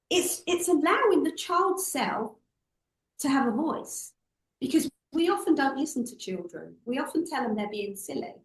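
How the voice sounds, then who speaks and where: Lady coach, high voice, animated storyteller, roomy echo. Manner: expressive, acts out voices in anecdotes. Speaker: public speaking coach. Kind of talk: interview guest, storytelling.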